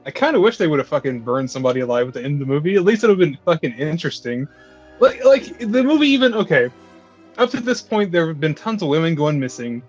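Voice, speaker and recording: A man's voice: a little high, very animated, fast talker, husky, faint music behind. A man co-hosting a casual movie review podcast, sarcastic and profane as he sums up the plot. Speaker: podcast co-host. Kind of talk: casual movie review banter over beers.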